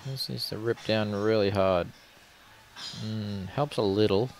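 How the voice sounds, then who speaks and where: A man commentating a lawn bowls livestream in relaxed, jokey banter. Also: fairly low pitch, a little slow, slight background noise. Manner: laid-back, jokey banter.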